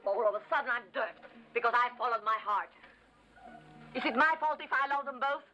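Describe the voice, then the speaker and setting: A passionate, quick-tempered woman in an old film drama. Her voice is bright and forceful. Faint music plays under her. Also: a little high, muffled recording. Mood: bitter. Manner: hot-tempered, then tender and hushed. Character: fiery, passionate woman, torn between two loves. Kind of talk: 1970s film drama dub.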